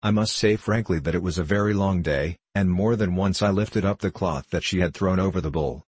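A man reads a story aloud in a calm, measured, steady way. His voice sits very low and has a husky edge, recorded dry and close with no room sound. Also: no room sound. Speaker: narrator. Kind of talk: scripted audiobook narration.

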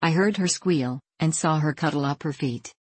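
A mischievous young boy who loves to tease and boss the girls, as a woman reads him. He drawls his words slowly and smugly in a low-pitched voice. The recording is close and dry. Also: breathy edge, no echo. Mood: teasing. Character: mischievous teasing boy, cocky and bossy.

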